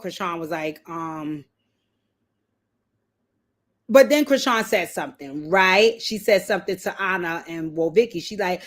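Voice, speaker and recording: Animated woman recapping reality TV. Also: mid-range voice, a little slow. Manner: animated storytelling, acting out quotes. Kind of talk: casual commentary recap.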